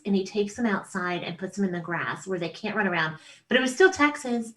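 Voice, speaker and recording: A middle-aged woman, a comedian guest, telling a family story in casual podcast chat, animated, swearing freely and acting out voices. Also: lowish voice, a little fast, far from the mic, poor audio.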